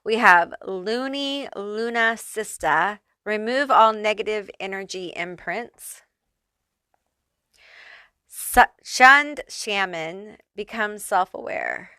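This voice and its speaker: A woman's voice: medium pitch, slow pace, bright, forceful tone, smooth, dry recording, clean studio sound. A woman giving a casual pick-a-card tarot reading, chatty and loose, swearing freely and using lots of fillers. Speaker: tarot reader.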